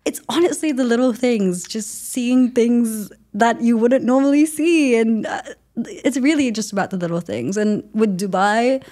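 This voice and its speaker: A woman's voice: on the high side, moderate pace, dark tone. A young woman from New Zealand, a guest in a casual interview, chatting with frequent fillers and laughter.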